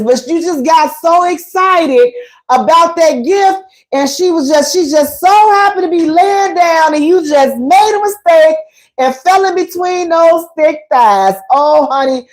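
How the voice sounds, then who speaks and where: A woman hosting a radio show, talking frankly and colloquially to her listeners with a sassy, animated, preachy delivery and dramatic emphasis. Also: high voice. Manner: colloquial, addresses listeners directly. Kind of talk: frank relationship talk to a live audience.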